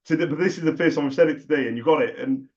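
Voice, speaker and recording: A man's voice: fairly high pitch, very fast, a little mellow, dull audio. Chatty, jokey salesman on a call. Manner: chatty, jokey and self-deprecating. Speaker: salesman making a cold call. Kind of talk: friendly sales phone call.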